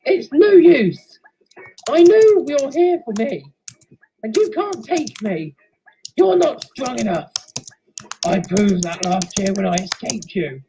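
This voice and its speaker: A woman voicing a vengeful female ghost engine who shrieks in a frantic, high voice. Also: very animated, slow, warm tone, slight background noise, full character voice, poor audio. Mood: defiant.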